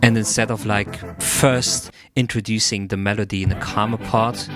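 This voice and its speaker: A man hosting a livestream, thinking aloud in an unhurried way as he gives feedback on a listener's track. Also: fairly low pitch, steady tone, over loud music. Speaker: music producer giving track feedback.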